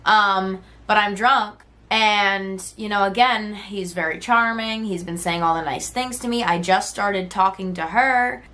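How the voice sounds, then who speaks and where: A twenty-something woman tells a candid personal story in a conversational vlog, her medium-pitched voice bright and forceful at a measured pace with hardly any pauses. She uses "like" and "right?" a lot, swears freely, and voices the texts she retells.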